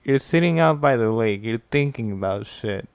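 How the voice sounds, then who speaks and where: A young man hosts a podcast in casual chat, laid-back and joking, with a few swear words along the way. His voice is smooth and clear at an ordinary pitch, and the sound is dry with no room echo. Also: expressive, moderate pace. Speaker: podcast host.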